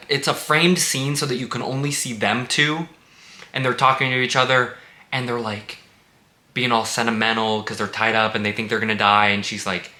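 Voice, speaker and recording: A man's voice: mid-range voice, bright, forceful tone. A man giving a casual spoken movie review, blunt and sarcastic, swearing freely. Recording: echoey room.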